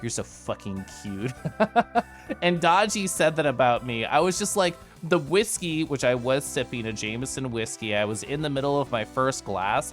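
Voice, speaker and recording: A man streams live and chats casually to his viewers about VR chat meetups, bubbly and giggling, full of asides. He's tipsy from whiskey he drank earlier. His voice has a medium pitch and a fairly bright tone.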